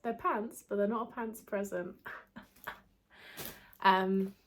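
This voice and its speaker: A young woman with a British accent chatting casually on her vlog, rambling and laughing at herself, a little hoarse as she loses her voice. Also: mid-range voice, fairly even intonation, takes it slowly. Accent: British English. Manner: chatty, rambling, self-deprecating, light laughter. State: slightly losing her voice. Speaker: YouTuber. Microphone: camera mic under a ring light.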